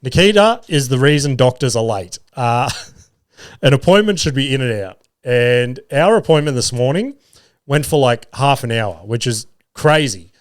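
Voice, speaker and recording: A man's voice: medium pitch, lively intonation, moderate pace, no echo, studio quality. An Australian man in his thirties hosting a podcast, telling a rambling story in a casual monologue, swearing freely and poking fun at himself. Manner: rambling, swears freely, self-deprecating humour. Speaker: podcast host.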